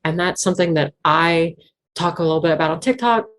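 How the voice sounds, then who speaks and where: Speaking a little fast, with a somewhat bright tone, this low-voiced Appalachian woman from Southwest Virginia talks as a banjo player in a relaxed interview. She's earnest and rambling, with lots of "like" fillers.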